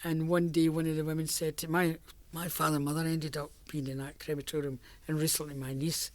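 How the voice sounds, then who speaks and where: A woman's voice: low-pitched, little pitch movement, fairly quick, no echo. An older Scottish woman reminiscing about her working life in a chatty, storytelling way, laughing often. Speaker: interviewee. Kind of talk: reminiscing oral history.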